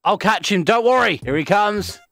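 Over a noisy background, a young gaming host speaks at a moderate pace in a high-pitched, expressive voice with some vocal fry. His commentary is playful: he giggles a lot, laughs often, and teases the players as the game goes on.

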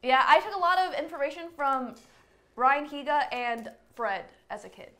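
A woman's voice: high voice, expressive, moderate pace, sharp tone. A woman from Nebraska chatting casually and playfully with friends. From Nebraska, USA. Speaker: guest streamer. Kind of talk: casual chat.

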